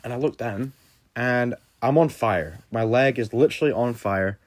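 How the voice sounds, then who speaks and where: A man's voice: mid-range voice, moderate pace. A young man telling a storytime vlog in a casual, rambling way, full of fillers and swearing. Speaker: vlogger.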